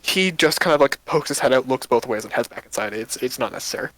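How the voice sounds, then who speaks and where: A man's voice: mid-range voice, animated, fast, bright, forceful tone, dry recording, rough recording. A man narrating as game master of a tabletop game, casual and rambling with fillers.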